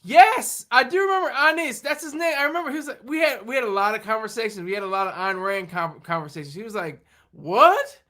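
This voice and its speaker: A man's voice: high-pitched, quick pace, few pauses, bright, forceful tone. A man hosting a livestream, rambling in casual chat, laughing often and poking fun at himself while answering viewers. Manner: rambling, laughing, self-deprecating. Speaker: livestream host.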